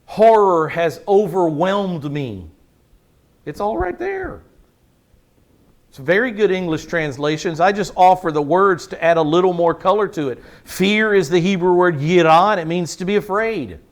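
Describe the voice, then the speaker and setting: A man's voice: high-pitched, expressive, moderate pace. A man pastor preaching a sermon, emphatic, repeating words for stress and asking the congregation questions.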